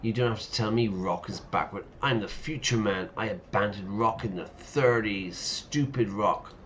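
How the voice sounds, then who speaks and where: A man's voice: on the low side, normal speed, a bit bright. A man streaming a game and teaching English, playfully explaining words with many yeah? asides. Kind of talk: casual commentary while playing. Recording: dull lo-fi mic with faint noise.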